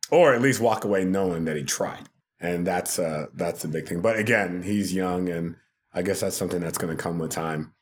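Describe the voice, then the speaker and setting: A man's voice: deep voice, slight background noise. A man in his forties, a podcast guest, talking earnestly and with self-deprecating humor in a casual chat.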